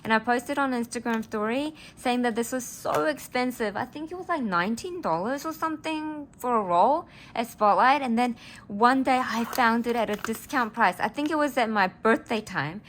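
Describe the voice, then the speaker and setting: A woman's voice: on the high side, animated, normal speed, a bit bright, slight background noise. Earnest rambling woman vlogger. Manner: earnest, rambling, emotional storytelling. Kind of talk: casual personal chat.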